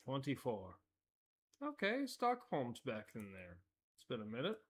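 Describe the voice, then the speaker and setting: A man hosts a casual live stream, talking loosely in a rambling, easily amused way, often breaking off mid-sentence and chuckling at his own asides. His voice is medium in pitch but swoops wildly, with a measured pace and a fairly bright, slightly rough tone.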